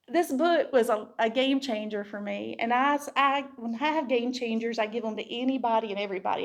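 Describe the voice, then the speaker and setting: A woman giving a heartfelt personal testimony to her congregation, telling the story and acting out what people said. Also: on the high side. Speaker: church member sharing a testimony.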